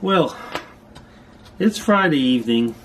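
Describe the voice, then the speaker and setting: A man's voice: fairly high pitch, expressive, slow pace. An older man chatting casually to camera from a room at home, rambling with dry asides. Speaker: vlogger. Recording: faint scanner hum behind. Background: slide scanner noise.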